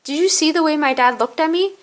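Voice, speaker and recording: A woman's voice: high-pitched, fairly quick, voice pushed up, natural voice. A woman voicing an upset young college woman who snaps sarcastically at her best friend. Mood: bitter.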